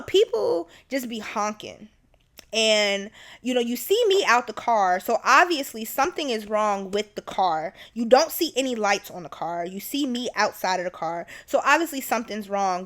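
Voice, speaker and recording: Young woman, podcast host, casual storytelling, animated, swears a lot, slightly high voice. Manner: animated, profane, many fillers.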